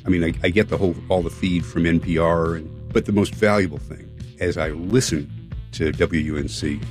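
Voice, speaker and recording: A man from North Carolina giving an earnest, slightly halting radio testimonial. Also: low-pitched, steady tone, darkish tone, faint music behind. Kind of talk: pledge-drive testimonial.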